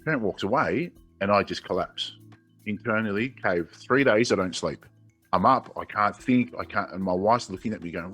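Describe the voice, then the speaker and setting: An interview guest in his forties, Australian-accented, speaks a little fast with a fairly low, slightly rough, a bit bright voice, faint music behind him. His candid personal storytelling is earnest and emotional, with sentences he often restarts.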